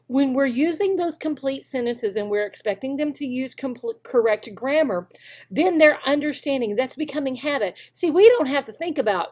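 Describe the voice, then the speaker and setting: A woman with a Southern US accent gives an instructional talk as an online English teacher. She speaks emphatically and slows down to model example sentences clearly. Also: sits high, expressive, a little mellow. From Southern United States.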